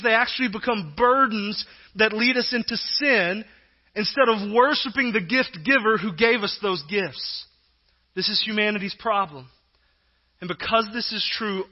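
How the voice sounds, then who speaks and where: A male pastor preaching an emphatic sermon, his voice rising loud and then dropping to a hush. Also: sits high, highs cut off. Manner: emphatic preaching, swinging between loud and hushed.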